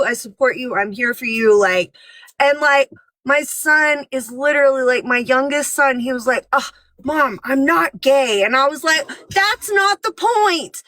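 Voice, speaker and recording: A woman's voice: sits high, dry recording. A woman in her thirties, a parent, chatting casually and acting out quotes as she tells stories. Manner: animated storyteller who acts out quotes. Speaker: parent telling stories on a podcast. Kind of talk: casual chat.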